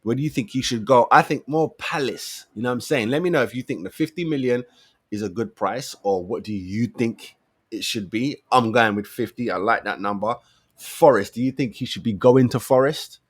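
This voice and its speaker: A man's voice: mid-range voice, normal speed, breathy edge, no echo, studio quality. A young man, giving a casual football fan commentary full of slang, often repeating himself for emphasis. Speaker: football fan channel host.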